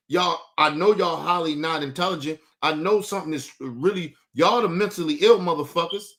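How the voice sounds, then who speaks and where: A man's voice: high-pitched, pushed and bright. Combative, profane male streamer ranting. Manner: combative, profane, repeats himself. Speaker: livestream host. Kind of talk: heated livestream rant.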